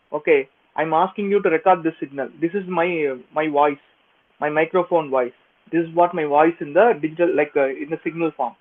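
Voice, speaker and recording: Male online tutor, fairly high voice, stop-start delivery, keeps asking if students follow; lo-fi phone-quality sound. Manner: halting, repetitive, checks in with "you got it, right?". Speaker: engineering exam lecturer. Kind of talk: online lecture. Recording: tinny, phone-like lo-fi audio.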